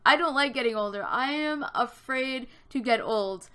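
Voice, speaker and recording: A woman's voice: high-pitched, moderate pace, pushed and bright, smooth. A woman in her twenties from Canada, telling a story in casual chat over a gaming video, with lots of fillers. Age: 20s. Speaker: gaming vlogger.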